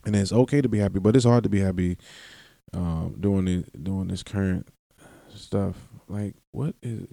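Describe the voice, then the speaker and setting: A man with a deep, gravelly, dark voice hosts a solo podcast at a normal speed, with no echo. He rambles at length, keeps cutting off his own sentences, and laughs and curses as he goes.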